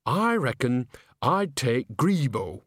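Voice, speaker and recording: A man's voice: medium pitch, big pitch swings, takes it slowly, dry recording, clean studio sound. A man voicing a cheerful, earthy old witch woman with a folksy, chatty way of talking.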